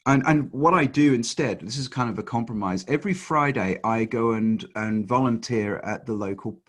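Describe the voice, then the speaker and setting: A man being interviewed as a life coach, speaking earnestly with halting restarts. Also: mid-range voice. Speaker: guest, life coach and author. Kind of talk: casual interview chat.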